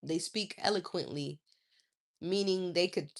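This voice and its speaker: A woman's voice: lowish voice, unhurried. A woman hosting a casual live stream, answering viewer comments in a blunt, profane, scolding way.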